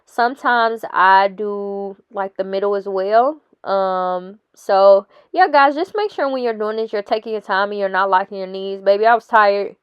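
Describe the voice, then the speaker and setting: A woman's voice: mid-range voice, moderate pace, few pauses, clean tone, no room sound, highs cut off. A young woman narrating her gym workout vlog, chatty and encouraging, laughing often and calling her viewers honey. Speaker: fitness vlogger. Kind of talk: casual workout vlog voice-over.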